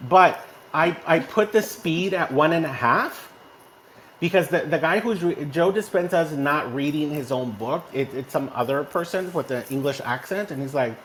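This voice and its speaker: Co-hosting a casual motivational chat in a social audio room, a Texan man tells energetic stories and keeps asking "right?". His voice is fairly high at a normal speed, and his phone audio carries a little hiss or hum.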